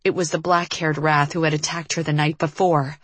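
A woman narrating an audiobook in a measured, dramatic reading. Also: low voice, flat delivery, fairly bright tone, husky, no room sound, rough recording. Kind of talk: scripted narration.

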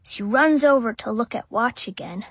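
A woman's voice: fairly high pitch, moderate pace, fairly bright tone, husky, no echo. A woman reading an audiobook in first person as a small child, with simple childlike phrasing. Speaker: audiobook narrator.

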